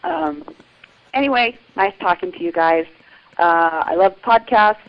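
A woman's voice: mid-range voice, animated, measured pace, gravelly. A woman caller leaving a chatty, rambling voicemail over a phone line. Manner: chatty, rambling with many ums. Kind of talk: voicemail message.

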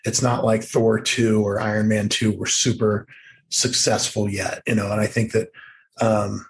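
A man's voice: fairly low pitch, little pitch movement, unhurried, vocal fry, slight background noise. A young man in casual chat about movies and TV, rambling with lots of fillers and laughing often. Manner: rambling, full of fillers, laughs often, acts out quoted lines.

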